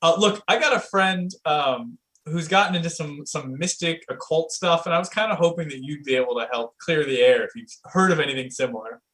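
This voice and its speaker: A man's voice: a little high, brisk, hardly any pauses, a bit bright, rough recording. A young man streaming improv comedy, playfully retelling an absurd story.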